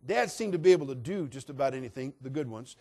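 A pastor preaching a sermon in a folksy, emphatic style, swinging between hushed asides and loud declarations. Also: male voice, medium pitch, expressive, quick pace.

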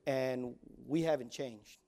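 A man in his forties preaching as a youth pastor, swinging between loud exhortation and quiet asides, often stammering and repeating words. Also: mid-range voice, fairly even intonation, slow pace. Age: 40s. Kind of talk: sermon.

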